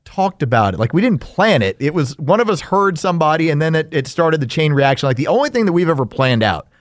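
A man co-hosts a casual radio podcast, walking through stories in a measured, planning-minded way. His voice sits slightly high and sounds dry and close to the mic. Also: big pitch swings, dry recording. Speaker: radio co-host.

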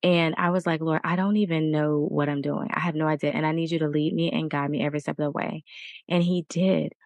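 A woman's voice: low-pitched, fairly even intonation, brisk, a little mellow, no echo. A woman hosting a Christian podcast, talking earnestly and repeating her encouragements to keep going. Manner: earnest, repetitive exhortation. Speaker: podcast host.

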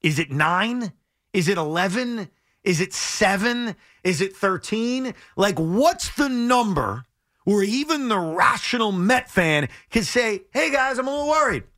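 A man with a high, bright voice that swings up and down as he talks sports on the radio. He sounds exasperated and hammers his points home by repeating them. The studio sound is dry and close. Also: unhurried, no echo. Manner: animated, exasperated, emphatic repetition. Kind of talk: heated sports talk.

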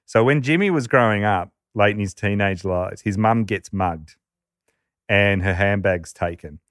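Australian male storyteller, low voice, lively, laughs a lot, does voices, dry close mic. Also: unhurried, no echo. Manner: lively anecdote-telling, laughing, acting out quoted voices. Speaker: podcast storyteller. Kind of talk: casual storytelling chat.

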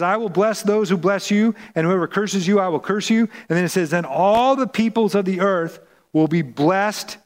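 A male pastor preaching a sermon in a conversational way, often repeating and restarting words. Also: on the high side.

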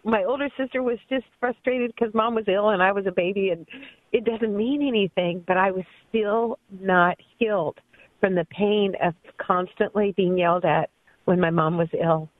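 A woman's voice: medium pitch, moderate pace, no echo. A woman in her fifties phones in to a radio show and tells her story earnestly and with feeling. Her voice comes through a thin, tinny phone line with no room sound at all. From Southern California. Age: 50s. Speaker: caller. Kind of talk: call-in radio testimony.

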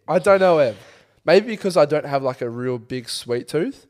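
A young man co-hosting a casual podcast chat, animated, swearing and laughing often. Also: mid-range voice, normal speed. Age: young adult. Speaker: podcast co-host.

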